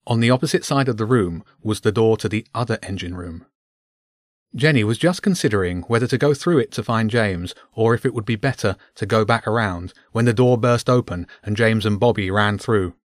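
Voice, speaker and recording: A man narrating a children's storybook in a steady, even reading voice. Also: on the low side, brisk, dry recording, clean studio sound.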